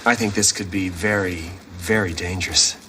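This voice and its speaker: A man's voice: low voice, steady tone, normal speed, bright, forceful tone, slight background noise, rough recording. An actor playing a wry, dry-witted father in a studio sitcom, delivering teasing wisecracks. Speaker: sitcom lead.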